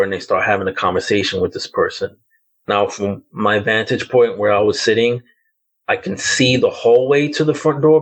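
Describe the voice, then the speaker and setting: A Bronx man of about fifty, with a somewhat low, breathy voice, recounts a haunting memory as a podcast guest in a low-quality recording. His personal ghost story comes out loose and hesitant, packed with fillers like "like" and "um" as he searches for words.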